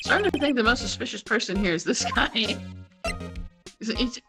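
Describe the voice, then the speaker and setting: Woman, let's play commentary, wry, exasperated, lively, music behind. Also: on the high side, moderate pace, creaky. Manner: wry, exasperated asides with laughs. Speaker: gamer.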